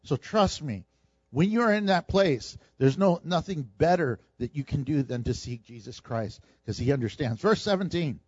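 A man preaching a sermon, animated and humorous, acting out the people in his story. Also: a little high, normal speed, husky, dry recording, muffled recording. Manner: animated preaching, acts out quoted voices with humor. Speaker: pastor.

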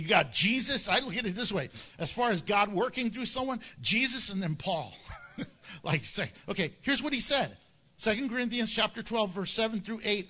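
A male pastor delivers a lively sermon in a high, bright voice that leaps up and down. He is jokey and animated, and he acts out quoted voices.

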